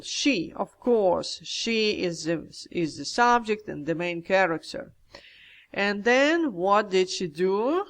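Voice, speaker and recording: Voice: mid-range voice, fairly bright tone. A grammar teacher explaining a lesson step by step, thinking aloud and addressing the viewers directly. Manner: methodical, talks through each step aloud, addresses viewers as guys.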